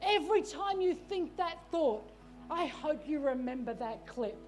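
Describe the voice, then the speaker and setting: A woman preacher delivering an exhorting sermon, repeating "come on" and "stop it" and rising to shouts. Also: high voice, expressive, unhurried, soft background music. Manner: shouts at peaks.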